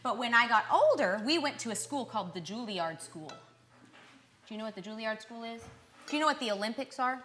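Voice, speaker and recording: A woman's voice: fairly high pitch, lively intonation, brisk, fairly bright tone, echoey room. A young woman giving a live violin lesson to children, coaxing and encouraging them with questions. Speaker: violin teacher.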